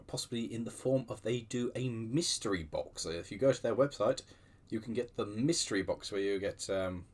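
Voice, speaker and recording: Husky-voiced man rambling on a livestream. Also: fairly low pitch. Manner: rambling, self-deprecating, many restarts and fillers. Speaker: livestream host. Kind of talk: casual livestream chat.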